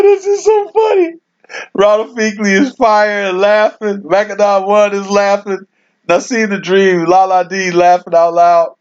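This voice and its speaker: A man with a highish, darkish voice hosts a casual livestream, reading chat comments aloud and laughing often. The stream audio is dull and lo-fi.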